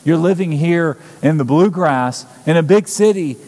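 A man's voice: fairly high pitch, normal speed, a little mellow. A man preaching a sermon as pastor, earnest and urgent, building up with repeated phrases. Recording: long hall reverb.

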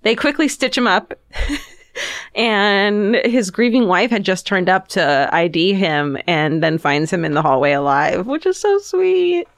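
A woman's voice: lowish voice, a little slow, dry recording, clean studio sound. A woman co-hosting a podcast, telling grim true stories in casual chat, swearing freely and acting out quotes with laughs. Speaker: podcast co-host telling the story.

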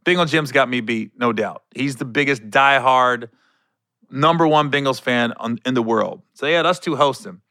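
A man telling a long, rambling story in a casual, animated way, often correcting himself mid-sentence. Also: mid-range voice, normal speed, dry recording.

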